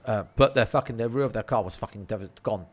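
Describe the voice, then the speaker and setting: A man's voice: on the low side, fast talker. A man telling a rambling, slang-filled story and swearing freely. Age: 30s. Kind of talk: casual storytelling.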